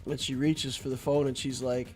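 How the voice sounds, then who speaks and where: A man's voice: medium pitch, flat delivery, moderate pace, darkish tone, breathy edge. Chatty male game streamer with faint music. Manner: chatty, laughs often, storytelling asides. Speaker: gaming streamer. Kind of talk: casual gameplay commentary and chat.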